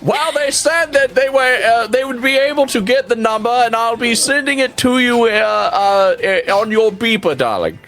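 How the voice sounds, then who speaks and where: A man's voice: very high-pitched, normal speed, hardly any pauses, fairly bright tone, voice pushed up. A man voicing a fussy, doting middle-aged father on the phone, hesitant and rambling. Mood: doting, dithering. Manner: hesitant and rambling, full of uhs.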